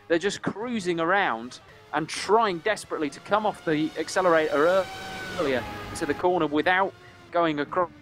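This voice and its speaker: A man giving live race commentary, brisk and excitable, his voice jumping up at crashes. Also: on the high side. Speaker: sim racing commentator.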